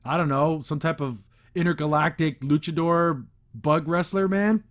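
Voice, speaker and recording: A man's voice: fairly high pitch, moderate pace. A man hosting a podcast, recapping a show episode in a rambling, exasperated, casual way with many fillers and restarts. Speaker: podcast host.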